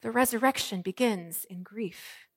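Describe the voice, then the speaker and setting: A woman pastor preaching an Easter sermon, moving from hushed, soft lines to ringing proclamations. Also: medium pitch, measured pace, slightly rough, dry recording, clean studio sound.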